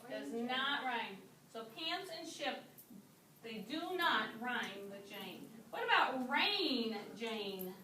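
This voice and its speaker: Woman teacher, high voice, slow and clear, roomy classroom recorded from afar with noise. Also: animated. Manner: slow, clear, encouraging prompts. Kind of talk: classroom phonics lesson. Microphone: camera in the room. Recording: roomy classroom sound from a distance with background noise.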